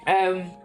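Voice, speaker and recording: A young woman chatting casually on a stream from her bedroom, rambling with lots of fillers, restarts and little laughs. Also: fairly bright tone. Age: young adult. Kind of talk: casual chat. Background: faint lo-fi music.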